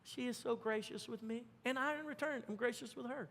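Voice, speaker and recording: A man preaching a sermon as pastor, telling stories with big swings from loud to hushed. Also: very high-pitched, fairly quick, vocal fry. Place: church sanctuary. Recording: long hall reverb.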